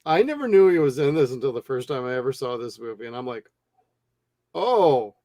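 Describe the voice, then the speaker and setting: A man co-hosting a movie review show, talking casually and bluntly with lots of swearing and animated retellings. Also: medium pitch, fairly quick, dry recording, studio quality. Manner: blunt, profane, animated storytelling. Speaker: movie review podcast co-host.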